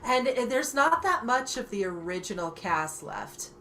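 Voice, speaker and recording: A woman co-hosting a podcast in casual chat, breaking in with excited remarks and reading out poll results. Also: a little high, measured pace, soft background music. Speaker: podcast co-host.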